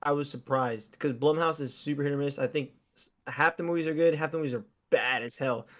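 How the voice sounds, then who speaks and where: A man co-hosting a gaming podcast, talking casually and haltingly, often repeating words. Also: fairly high pitch, steady tone. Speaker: podcast co-host. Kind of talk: casual chat.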